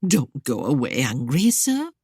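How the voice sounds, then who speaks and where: A woman voicing a mischievous older maidservant who coaxes and teases a gentleman. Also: fairly low pitch, big pitch swings, moderate pace, no room sound, studio quality. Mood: coaxing. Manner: coaxing and sly. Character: mischievous older female servant.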